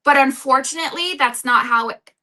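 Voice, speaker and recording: A woman guest on a casual podcast chat, a former cast member who talks in a profane, animated way. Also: sits high, fairly quick.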